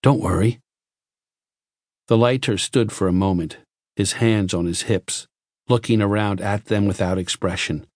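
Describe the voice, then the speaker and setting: A man narrating an audiobook in a measured, even scripted reading. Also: fairly low pitch, dry recording, studio quality.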